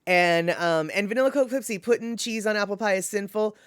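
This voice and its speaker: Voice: mid-range voice, brisk, smooth, dry recording, clean studio sound. A live streamer in casual chat, rambling with many fillers and self-corrections while answering viewers by name.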